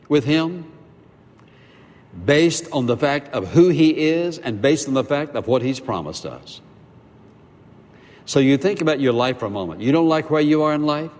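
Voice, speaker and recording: A man preaching a sermon as a pastor, emphatic, asking rhetorical questions and slowing down to stress key phrases. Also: fairly high pitch, darkish tone. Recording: long hall reverb.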